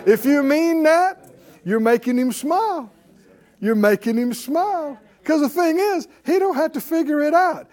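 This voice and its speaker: A man's voice: very high voice, expressive, unhurried, a little mellow. A man teaching a Bible class in a folksy, emphatic way, leading call and response. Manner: folksy and emphatic, laughing often, acts out quotes.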